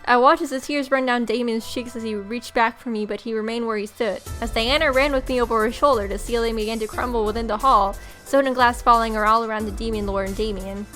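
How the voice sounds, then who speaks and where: A woman's voice: fairly high pitch, quick pace, few pauses, soft background music. Young woman reading a game aloud expressively. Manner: expressive reading with joking asides. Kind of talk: reading a visual novel aloud with commentary.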